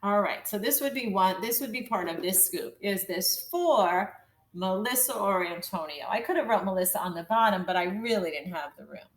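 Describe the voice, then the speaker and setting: A young adult woman teaching a phonics lesson to young children from home, in a slow, sing-song teacher voice that exaggerates the rhythm of sentences. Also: medium pitch, expressive, rough recording.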